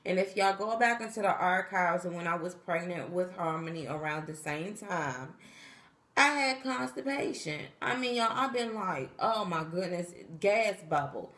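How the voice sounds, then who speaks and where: A woman's voice: on the low side, expressive, normal speed, a bit bright, echoey room. A tired woman vlogging in a casual, chatty way, talking straight to her viewers and acting out what people said. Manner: chatty, talks straight to viewers, acts out quotes. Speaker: pregnancy vlogger. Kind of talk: casual chat to camera.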